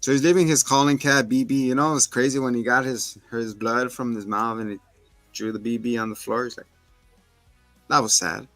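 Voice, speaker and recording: Casual male podcast co-host, animated slangy recap, mid pitch, dry, faint music under. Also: normal speed, no echo. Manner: animated, slangy retelling of scenes. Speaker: podcast co-host reviewing a film. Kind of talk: casual chat.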